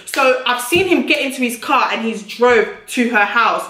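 A young woman tells a storytime to her channel, blunt and brash, swearing freely. Her voice is bright and forceful, sitting a little high, and it bounces around an echoey room. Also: lively intonation, moderate pace, slight background noise. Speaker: YouTuber. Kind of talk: storytime vlog.

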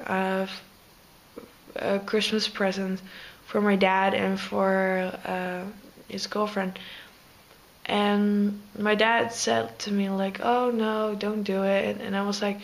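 A woman's voice: medium pitch, vocal fry, rough recording. A young woman, chatting casually to camera in a rambling, hesitant way full of fillers. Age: 20s. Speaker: vlogger.

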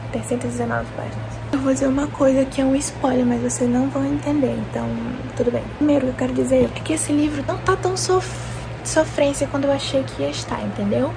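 A woman's voice: sits high, low-quality recording. A young woman, ranting dramatically and exasperatedly about a book in a casual reading vlog. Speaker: book vlogger.

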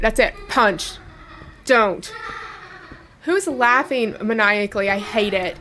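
A woman playing a horror game, talking to herself nervously and joking to calm her nerves. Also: medium pitch, a little slow, pauses often, background noise. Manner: nervous, talks to herself, jokes to cope. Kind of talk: casual let's-play commentary. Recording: game music playing behind. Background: game music.

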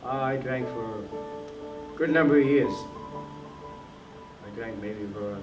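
A man telling rough, rambling, profane stories in a casual interview. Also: mid-range voice, slow, lo-fi sound. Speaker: interviewee, film extra. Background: background music.

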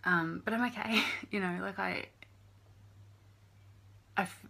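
An actress playing a young YouTuber with depression, who talks in a halting, filler-heavy way and swears often. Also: female voice, mid-range voice, gravelly, pushed and bright, heavily acted. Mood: subdued. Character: young woman YouTuber, depressed, bullied by trolls. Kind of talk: confessional vlog monologue in a short film.

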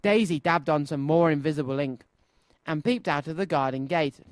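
A man presenting a children's radio show, reading a story aloud with an expressive, lively delivery. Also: a little high, moderate pace, no echo. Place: radio studio.

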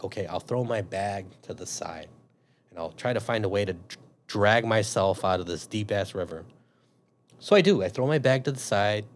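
Over a bit of background noise, this lowish-voiced Chicagoan tells a long, profane story in a relaxed interview. He's an army veteran and a police officer, and he animatedly acts out his own thoughts from back then.

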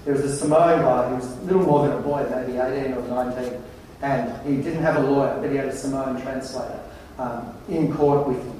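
A man giving a humorous keynote at a conference, telling anecdotes in a wry, animated way. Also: mid-range voice, brisk, slight background noise. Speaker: conference presenter. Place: large conference hall. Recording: very echoey hall, distant mic.

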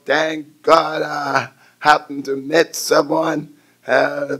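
High-voiced, unhurried preaching man. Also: little pitch movement. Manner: rhythmic preaching with repeated "my God" refrains, building to shouts. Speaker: preacher filling in for the bishop. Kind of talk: radio sermon.

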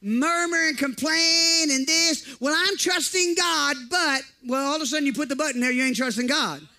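Fervent high-voiced male preacher. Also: fairly quick, pushed and bright. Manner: fervent, repetitive exhortation to the congregation. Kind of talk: sermon.

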